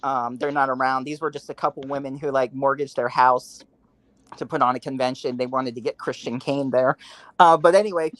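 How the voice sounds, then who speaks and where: A man's voice: medium pitch, brisk, no echo. A man on a podcast panel telling a long anecdote in casual chat, acting out the voices of the people he quotes. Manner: animated storyteller, acts out quotes.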